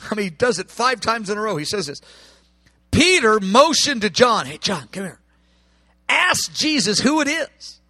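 Guy preaching hard, high bright voice, goes from hushed to shouting, dry sound. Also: big pitch swings, moderate pace, dry recording. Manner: impassioned, acts out quoted voices, swings from hushed to shouting. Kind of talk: sermon.

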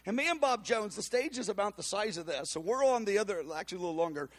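A man preaching, telling a story in an animated way and acting out the voices of the people in it. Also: high-pitched, fast talker. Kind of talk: storytelling sermon.

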